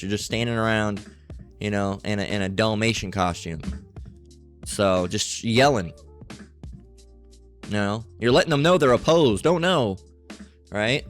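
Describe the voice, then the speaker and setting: A man's voice: fairly low pitch, normal speed, pauses often, soft background music. Rambling, mocking religious commentator man. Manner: rambling, mocking, constantly asks "all right?".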